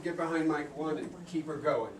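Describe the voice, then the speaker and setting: A man's voice: on the high side, moderate pace, crowd noise. Joking radio host, man. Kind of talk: casual chat. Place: radio studio. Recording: echoey room, distant mic, faint noise.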